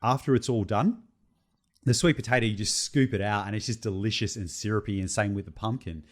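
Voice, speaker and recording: This young adult man has a fairly low voice and a brisk delivery. Co-hosting a casual podcast chat, he's animated, laughing often as he tells stories and jokes.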